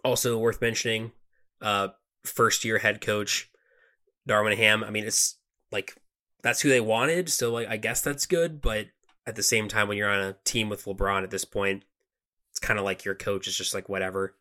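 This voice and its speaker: A man's voice: on the low side, moderate pace. A man co-hosting a sports podcast, talking casually with lots of fillers and restarts. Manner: relaxed, conversational, frequent fillers and restarts. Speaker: podcast co-host.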